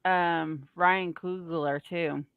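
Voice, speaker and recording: A woman's voice: lowish voice, steady tone, very slow, smooth, no room sound, narrow, tinny audio. A woman co-hosting a podcast, chatting enthusiastically. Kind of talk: casual chat.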